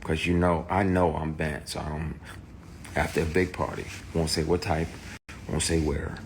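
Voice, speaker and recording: A man's voice: a bass voice, level tone, normal speed, slight background noise. A man telling a personal story in a candid, profane way, heated and blunt. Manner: profane, heated, shouts in retold quotes. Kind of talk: candid personal account to camera.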